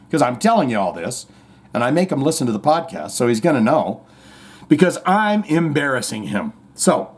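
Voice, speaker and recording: A man's voice: medium pitch, darkish tone, breathy edge. A man hosting a podcast, giving comedic commentary with sarcastic, mocking asides. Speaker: podcast host. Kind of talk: comedic commentary on played clips.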